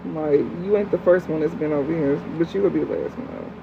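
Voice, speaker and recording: A blunt tarot reader talks through a livestream reading in fast, slangy, profane bursts and answers the chat. The audio is thin and phone-like. A faint hum sits underneath. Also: medium pitch, vocal fry.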